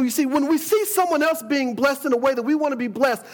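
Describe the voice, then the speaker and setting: A man's voice: very high-pitched, animated, a little fast, few pauses. A man preaching a sermon, emphatic, often repeating words as he builds a point and quoting scripture.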